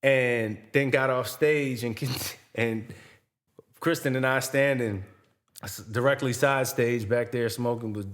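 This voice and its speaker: A man's voice: medium pitch, steady tone, slow, a bit bright. A man co-hosting a podcast, telling loose, rambling stories in a casual chat. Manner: rambling storyteller with restarts and laughs. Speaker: podcast co-host and hip-hop artist.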